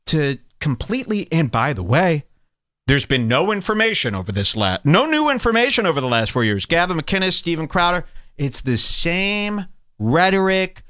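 A man's voice: high-pitched, sharp tone, no room sound. A man hosting a podcast, delivering a sarcastic, mock-preachy comedic rant in a close, dry studio recording. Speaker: podcast host. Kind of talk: ranting comedic monologue.

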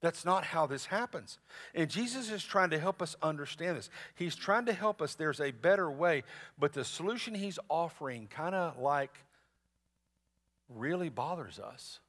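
Animated male pastor preaching in a church. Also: a little high, moderate pace. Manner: conversational, animated preaching with asides to the congregation. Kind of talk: sermon. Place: large church sanctuary. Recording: long reverb of a church hall.

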